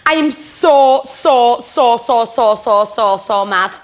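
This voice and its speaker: A woman's voice: fairly high pitch, takes it slowly. A British woman, a reality contestant, dramatically exasperated and half-laughing as she vents.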